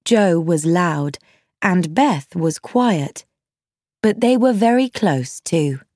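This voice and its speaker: A woman narrating a simple storybook slowly, clearly and expressively. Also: on the low side, animated, darkish tone, dry recording, clean studio sound.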